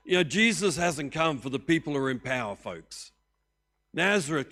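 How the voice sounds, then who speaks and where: An older Australian man preaching a sermon as pastor, animated and joking in a conversational way. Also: on the high side, normal speed.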